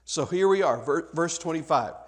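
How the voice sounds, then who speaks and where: A man's voice: on the high side, animated, normal speed. A man preaching a sermon to his congregation, conversational, with frequent restarts, asking the listeners questions directly. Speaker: pastor.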